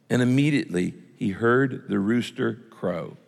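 A man's voice: mid-range voice, big pitch swings, normal speed, vocal fry, hardly any pauses, a bit bright. A man preaching a sermon to a congregation in a church, talking in a conversational way and putting questions to his listeners. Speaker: pastor. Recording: reverberant hall.

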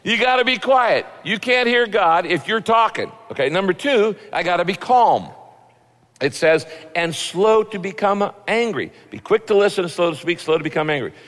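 A man preaching in a relaxed, conversational sermon, his voice a touch higher than most men's. He acts out quick bits of everyday speech as he teaches. The sound rings with the long reverb of a large church hall. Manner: conversational, folksy, acts out quoted people. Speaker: pastor.

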